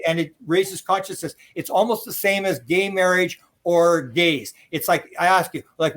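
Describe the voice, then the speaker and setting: Fast-talking excitable older man storyteller. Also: a little high. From Canada. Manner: excitable, acts out quoted exclamations, frequent restarts and laughs. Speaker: UFO researcher telling stories. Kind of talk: animated storytelling interview.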